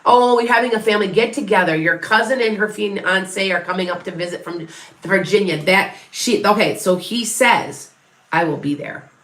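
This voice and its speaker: A woman's voice: mid-range voice, moderate pace, fairly bright tone. A middle-aged woman giving psychic readings to viewers, in a chatty, rambling way with many restarts and self-corrections. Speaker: psychic medium. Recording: roomy echo.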